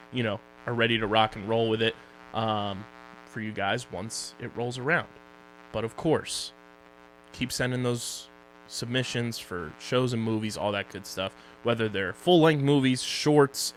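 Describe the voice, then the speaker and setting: Joking Philadelphia podcast host, faint hum. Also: male voice, mid-range voice, fairly bright tone, low-quality recording. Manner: joking, quick sponsor reads. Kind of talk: casual podcast chat with plugs.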